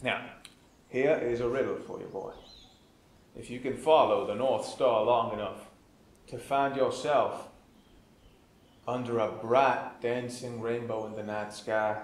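A man's voice: mid-range voice, steady tone, a little slow, pauses often, reverberant, natural voice. A man voicing the stern, grandfatherly ghost of an old-time woodsman, with a put-on old-fashioned accent, lecturing and calling the listener "dear boy". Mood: mysterious.

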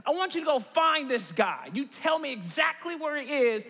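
A man's voice: very high-pitched, sing-song, moderate pace, sharp tone, voice pushed up, heavily acted. A man voicing a frustrated ancient king who barks demands at his men, bossy and incredulous. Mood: exasperated. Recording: long church hall reverb.

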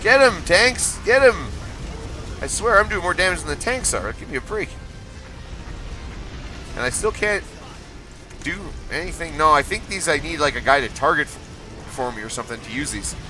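A man streaming live gameplay, excitable, laughing often and trash-talking the enemies on screen. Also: on the high side, moderate pace, pauses often, soft background music. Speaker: game streamer.

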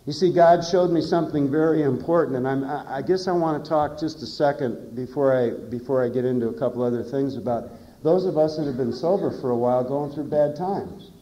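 A man's voice: mid-range voice, fairly quick, dark tone. A middle-aged man giving a plain-spoken, earnest personal testimony at a recovery meeting. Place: conference hall. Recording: echoey dull conference tape.

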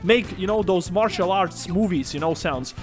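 A man's voice: sits high, normal speed, music in the background. A man giving casual let's-play commentary while gaming, joking, swearing and laughing often.

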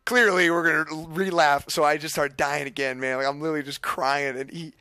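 Young guy streamer, fairly high voice, restless, swearing, restarting lines as he tells a story. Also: a little fast, no room sound, clean studio sound. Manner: excited, laughing, profane, many restarts. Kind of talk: casual storytelling.

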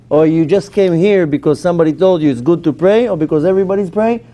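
Animated rabbi, mellow higher voice. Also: male voice, quick pace, few pauses. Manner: emphatic, animated teaching with questions to the audience. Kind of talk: Torah class to a live audience.

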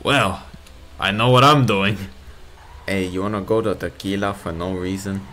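A man's voice: low voice, moderate pace, pushed and bright. A man doing a brash guy. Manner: brash, calls everyone "fool" and "vato". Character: brash Mexican man named Jose in a game roleplay. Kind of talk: GTA-style game roleplay.

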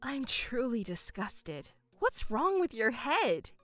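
A woman voicing a patient young woman, an elder daughter, speaking in a restrained, exasperated and quietly sarcastic way. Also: fairly high pitch, very animated, takes it slowly, no echo, faint music behind, heavily acted. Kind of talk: voiced story narration.

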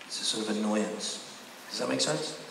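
Gravelly man in a big echoing hall. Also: fairly low pitch, moderate pace, far from the mic, background noise. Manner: wry, rambling and candid. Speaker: actor answering fan questions. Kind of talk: convention panel Q&A. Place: large convention hall. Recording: echoey hall heard from afar.

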